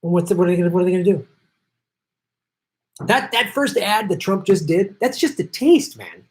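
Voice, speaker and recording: A man's voice: high-pitched, very animated, normal speed. Angry ranting male political host. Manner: angry, profane, emphatic and repetitive. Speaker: host of a political commentary show.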